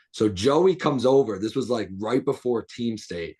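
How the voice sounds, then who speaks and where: A young man with a low, slightly husky voice tells rowdy anecdotes on a podcast. He is loose and profane, and he keeps laughing through his own stories. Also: fairly quick, hardly any pauses, darkish tone. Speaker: podcast guest. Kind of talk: casual storytelling chat.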